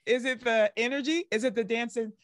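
A woman's voice: a little high, steady tone, brisk, no room sound, clean studio sound. A woman hosting a podcast interview, affirming her guest often and asking questions playfully. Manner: affirming, with frequent "right" and playful laughs. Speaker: podcast host.

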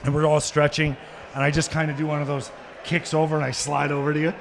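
A man, a podcast guest and former hockey player, telling stories in a casual, profane and animated way during a live taping in a sports bar. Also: on the high side, fast, creaky, a little hiss or hum. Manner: profane, animated, quotes people mid-story. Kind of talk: casual storytelling.

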